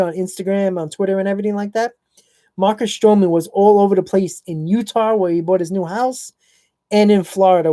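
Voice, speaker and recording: A man's voice: sits high, mellow, no room sound. A man hosting a casual fan live stream, blunt and opinionated, talking to chat viewers by name.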